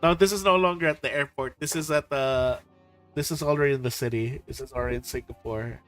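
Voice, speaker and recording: A man from the Philippines chatting casually with his viewers about trip photos, excitable, swearing and laughing often. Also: medium pitch, quick pace, faint music behind. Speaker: streamer host.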